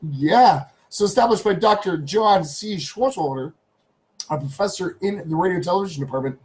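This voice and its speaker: A man's voice: sits high, moderate pace, a little mellow, poor audio. A Canadian man hosting a casual live stream from his home studio. He chats loosely, repeats his phrases, and calls out to his pets.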